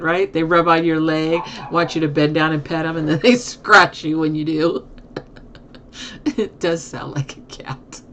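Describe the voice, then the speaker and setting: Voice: mid-range voice, a bit bright, highs cut off, slight background noise. A live streamer chatting casually with viewers from a home desk, laughing often.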